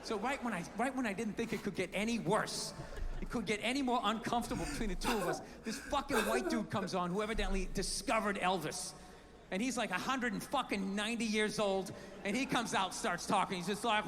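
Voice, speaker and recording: A man telling a stand-up story, ranting, profane and animated. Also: high-pitched, brisk. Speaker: stand-up comedian. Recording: played clip with background noise.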